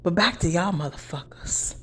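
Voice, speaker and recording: A woman's voice: lowish voice, normal speed, fairly bright tone, slightly rough. Angry profane woman ranting. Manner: heated, profane, preachy, repeats phrases. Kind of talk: angry monologue to camera. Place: her apartment.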